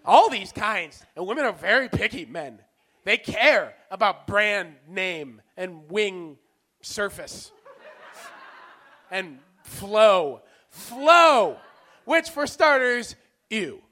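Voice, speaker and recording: A man with a very high, bright voice performs stand-up comedy. He mocks himself and snaps into shouted punchlines. His tone stays sharp and forceful. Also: very animated, slow pace. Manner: self-mocking with abrupt shouted punchlines.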